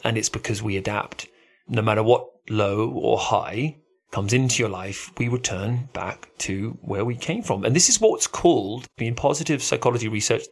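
An animated man in casual podcast chat, his pitch swinging widely as he talks. He often leaps into a high, excited voice, then drops back to an even, thoughtful tone. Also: slightly rough. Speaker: podcast co-host.

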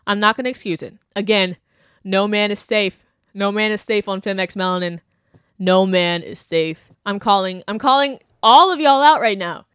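A young woman hosts a podcast, chatting bluntly and animatedly about her opinions and mocking the people she quotes. Her medium-pitched voice is smooth and fairly bright, at normal speed, in clean studio sound with no echo.

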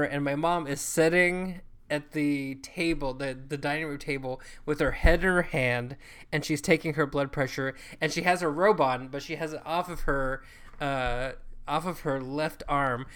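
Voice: mid-range voice, steady tone, moderate pace, fairly bright tone, smooth. A co-host telling a travel story in casual chat, swearing freely and acting out what people said. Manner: profane, chatty, acts out quoted lines.

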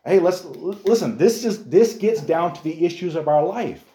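Guy preaching to a youth group, kinda high voice, lots of questions, echoey church room. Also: animated, normal speed, warm tone. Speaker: youth pastor. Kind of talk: sermon.

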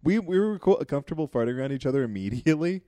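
A man's voice: on the high side, lively intonation, rapid-fire, mellow, no echo. A young man co-hosting a casual chat podcast, rambling and giggling, with many filler words. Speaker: podcast co-host.

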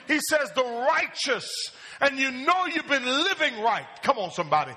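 A male pastor preaches in a church sanctuary and keeps calling on the congregation to answer him. His voice is bright and sharp. A long reverb trails behind his words in the hall. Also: very high-pitched, expressive, moderate pace, few pauses. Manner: asks the congregation questions and calls for answers. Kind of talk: call-and-response sermon.

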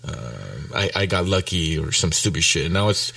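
A man's voice: low voice, expressive, moderate pace, vocal fry, bright, forceful tone, dry recording, far from the mic. A middle-aged man, talking casually and bluntly with heavy swearing and bits of Spanish. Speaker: guest. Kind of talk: casual chat. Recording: dry sound, speaker off mic.

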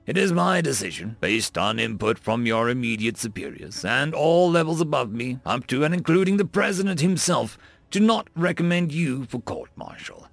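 A stern male Marine commanding officer, voiced by a man narrating an audiobook speaks in formal, measured orders. His voice has a gravelly edge and a lively, swinging pitch. The sound is dry and close. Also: dry recording.

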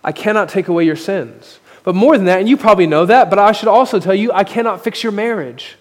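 A man's voice: high-pitched, fast. A male pastor preaching a sermon at a podium microphone, candid and self-deprecating, his emphasis rising and falling. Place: church sanctuary. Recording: long hall reverb.

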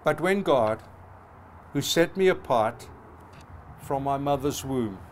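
A man's voice: mid-range voice, animated, takes it slowly, a little hiss or hum. A middle-aged male pastor preaching a sermon, passionate and emphatic, building through repeated phrases. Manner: passionate, emphatic with rising repetitions.

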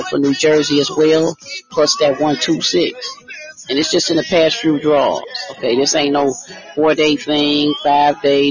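A man hosting a casual live stream, chatting with viewers by name and reading out lottery numbers. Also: fairly high pitch. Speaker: livestream host giving lottery picks. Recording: dull lo-fi stream audio with faint music.

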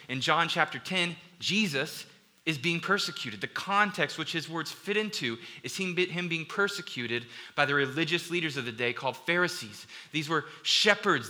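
A male pastor delivers a sermon in a very bright, ringing voice. He moves between earnest, building emphasis and easy asides to the congregation, at a middle pitch. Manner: earnest preaching that builds to emphatic, rising passages. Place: church hall with a congregation.

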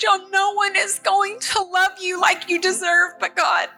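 A woman's voice: extremely high pitch, level tone, a little slow, hardly any pauses, sharp tone, soft background music. A woman preaching a sermon as a guest speaker, earnest and at times tearful, speaking straight to her congregation.

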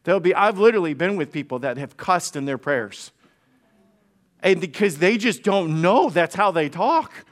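Conversational male pastor, slightly high voice. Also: lively intonation, moderate pace. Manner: conversational, frequent restarts and repetitions; humorous storytelling. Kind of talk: sermon.

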